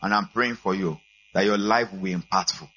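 Pastor preaching, bright husky voice. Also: male voice, brisk. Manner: builds from calm welcome to loud, high-pitched preaching. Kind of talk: sermon. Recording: dull lo-fi church recording.

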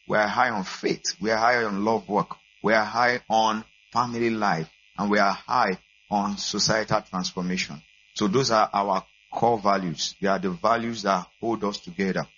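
Pastor preaching, bright husky voice. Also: male voice. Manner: builds from calm welcome to loud, high-pitched preaching. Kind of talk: sermon. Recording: dull lo-fi church recording.

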